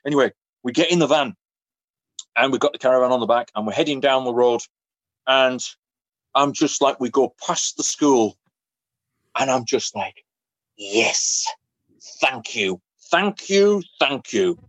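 A man's voice: mid-range voice, normal speed, long pauses, dry recording. A man telling a personal story in a casual interview, acting out other people's lines in different voices. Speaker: interview guest.

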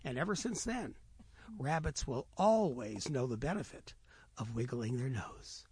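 Lively older man telling a folk tale. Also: medium pitch, measured pace, slight background noise. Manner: animated, playful, acts out animal voices. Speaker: storyteller guest.

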